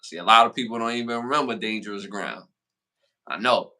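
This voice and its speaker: A man co-hosting a podcast in casual chat, animated and slangy, his voice leaping higher when he gets excited. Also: fairly quick. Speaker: podcast co-host.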